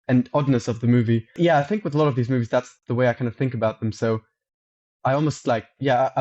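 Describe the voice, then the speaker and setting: A man's voice: mid-range voice, mellow, lo-fi sound. A man guesting on a film podcast, speaking thoughtfully and modestly, with some restarts. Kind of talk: casual film discussion.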